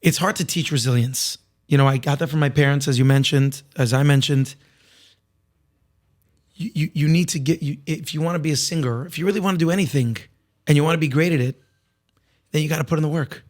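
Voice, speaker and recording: Slightly raspy man telling his story. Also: on the high side, a little fast, darkish tone. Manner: candid, reflective storytelling with many restarts. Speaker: singer and podcast guest. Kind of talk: casual interview conversation.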